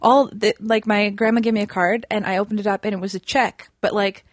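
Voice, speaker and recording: A woman's voice: mid-range voice, fairly even intonation, brisk, dry recording, clean studio sound. A young woman telling a story in a casual chat, full of fillers and restarts. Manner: chatty, many fillers and restarts. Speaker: podcast guest.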